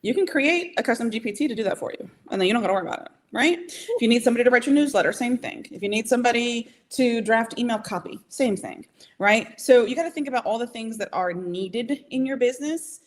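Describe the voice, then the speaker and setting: A woman's voice: fairly high pitch, expressive. A woman giving a live training to small business owners, talking directly and emphatically, and checking in often with "okay?" and "right?". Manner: emphatic, coaching, keeps asking "okay?" and "right?"; direct and motivational, speeds up and slows down.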